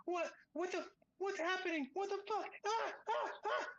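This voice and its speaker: Game-master voice for a frantic man who turns rapturously devoted, as the game master puts him on pitched well above the GM's own voice in shrill cries. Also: normal speed, a bit bright, no echo, dull audio. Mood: panicked. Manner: shrill panicked cries, then breathless rapture. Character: man suddenly awakened, then ecstatically devoted.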